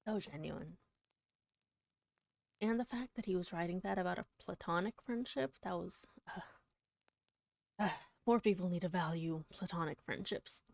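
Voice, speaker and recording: A woman streamer chatting casually on a live reading stream, soft-spoken and emotional, halting as she talks and often slipping into a whisper. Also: lowish voice, gravelly, no room sound. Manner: halting, with many restarts and fillers.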